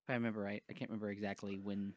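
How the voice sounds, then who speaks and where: A man's voice: lowish voice, level tone, very fast, no echo. A man co-hosting a casual podcast, joking around and rambling through plugs with fillers and restarts. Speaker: podcast co-host. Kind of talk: casual chat.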